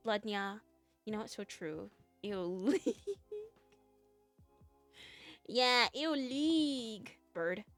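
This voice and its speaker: A woman's voice: medium pitch, animated, takes it slowly, fairly bright tone, faint music behind. A young woman streaming and chatting casually with her viewers, playful and giggly, teasing herself. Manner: playful, giggly, self-mocking. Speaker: VTuber streamer.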